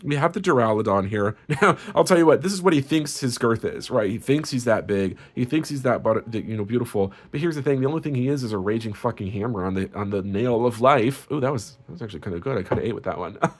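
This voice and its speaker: A man's voice: mid-range voice, expressive, fast talker, hardly any pauses. A man giving a casual tarot reading in a crude, sarcastic and gleefully spiteful way. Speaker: tarot reader.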